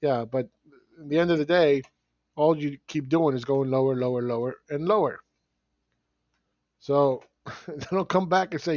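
A man's voice: a little high, normal speed, pauses often, a little mellow, no room sound, highs cut off. Blunt sarcastic man commenting on charts. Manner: blunt, sarcastic, chuckling often. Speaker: market analyst host.

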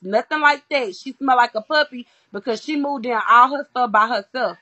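Blunt, husky woman venting on a livestream. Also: sits high, a little fast, hardly any pauses, sharp tone. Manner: blunt, profane, acts out quoted arguments. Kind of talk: casual livestream chat.

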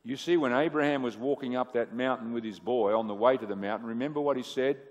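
A man preaching a sermon. He swings from booming emphasis to hushed asides and asks the audience questions. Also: fast. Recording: echoey hall with long reverb.

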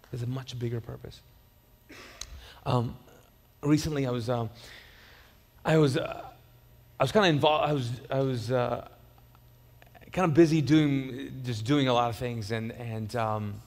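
A man's voice: mid-range voice, fairly even intonation, unhurried, pauses often, a little mellow, big-room sound. A man preaching a sermon as pastor, conversational and storytelling, with frequent restarts and repeated words. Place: church auditorium.

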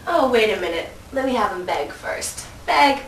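Woman giving a giggly mock sales pitch. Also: lively intonation, normal speed. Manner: teasing sales-pitch delivery with frequent giggles. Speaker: comic presenter. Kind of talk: comedy sketch, mock infomercial. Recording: echoey room, mic far off, faint noise.

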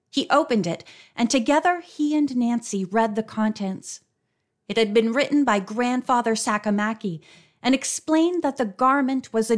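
A woman reading a mystery novel aloud as an audiobook narrator, with steady, clear storytelling. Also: a little high. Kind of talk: scripted narration.

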